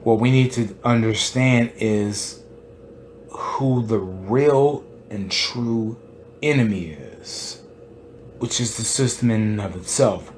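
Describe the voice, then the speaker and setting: Emphatic man with a low voice. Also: lively intonation, a little slow, a little hiss or hum. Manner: emphatic, repeats points for stress, rhetorical questions. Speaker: podcast host. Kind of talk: impassioned monologue.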